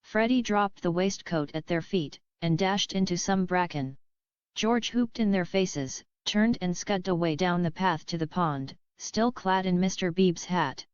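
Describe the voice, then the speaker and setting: A woman reading a classic novel aloud as scripted narration, in a measured way. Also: lowish voice, darkish tone, smooth, dry recording, lo-fi sound. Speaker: audiobook reader.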